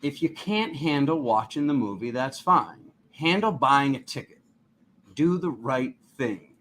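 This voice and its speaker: A man hosting a live tarot reading, his voice bright and forceful. He preaches with fervent urgency and keeps addressing the viewers as his family. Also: medium pitch, expressive, unhurried, a little hiss or hum. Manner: riled up, urgent. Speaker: tarot reader and channel host.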